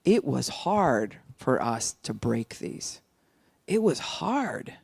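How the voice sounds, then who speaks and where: Older animated recovery-outreach speaker. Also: mid-range voice, vocal fry, husky, no room sound. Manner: animated, acts out quoted voices, sometimes slows speech right down to demonstrate. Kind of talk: informal teaching talk.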